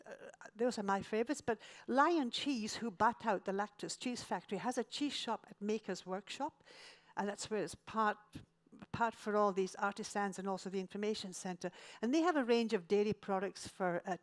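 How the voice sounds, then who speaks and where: A woman from Scotland, giving an illustrated travel lecture with dry, self-mocking jokes. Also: fairly high pitch.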